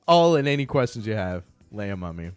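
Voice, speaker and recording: A man's voice: lowish voice, very animated, a little fast, a little mellow, clear, resonant tone, no room sound, faint music behind. Upbeat chatty male game streamer. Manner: upbeat, chatty, greets viewers by name. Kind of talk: casual live-stream chat.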